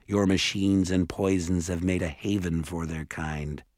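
A man's voice: sits low, fairly even intonation, darkish tone, no room sound, clean studio sound. A man reading a stern, grave elf lord. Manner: slow, grave and accusing. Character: stern, solemn male elf with a staff. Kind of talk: audiobook character voice.

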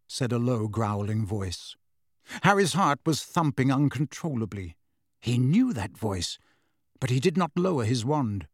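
Expressive male audiobook narrator. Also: medium pitch, measured pace, no room sound, clean studio sound. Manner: dramatic, expressive reading.

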